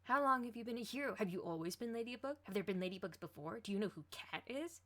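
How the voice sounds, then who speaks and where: A woman voicing an excitable teenage boy, an eager and loyal friend who talks loud, high and bouncy. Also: fast talker, natural voice. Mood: excited.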